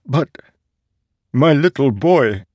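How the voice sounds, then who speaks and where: A man's voice: medium pitch, expressive, slow pace, a little mellow, breathy edge, no echo, voice pushed up. A man voicing a grieving peasant father in an audiobook; the father's voice is thick with emotion and breaks as he pleads.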